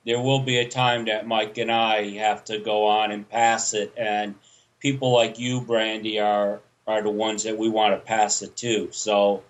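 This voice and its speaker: A man, a veteran guest on a radio show, speaking earnestly and deliberately with halting pauses. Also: lowish voice, flat delivery, low-quality recording. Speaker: veteran guest, nonprofit volunteer. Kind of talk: radio interview talk.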